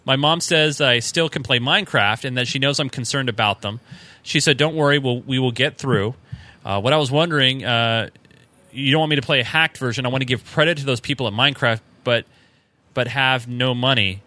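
A man's voice: medium pitch, fairly quick, sharp tone, dry recording. A man co-hosting a casual podcast, reading listener emails aloud with fillers and small chuckles.

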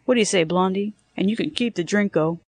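A woman voicing a smooth-talking male crook from the future, chummy and wheedling. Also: medium pitch, a little fast, no echo, lightly acted. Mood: coaxing.

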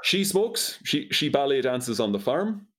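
Man, casual chat, dry incredulous recap, middling pitch. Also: sing-song, measured pace, a bit bright. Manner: dry, incredulous storytelling with laughs. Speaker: podcast co-host recapping a movie.

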